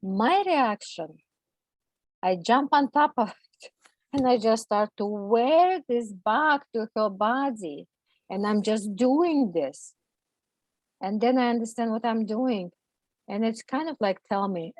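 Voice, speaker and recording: A woman, a guest on an interview show, telling a personal story in halting, emotional, non-native English, full of fillers and restarts. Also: on the high side, lively intonation, a little mellow, dry recording, rough recording.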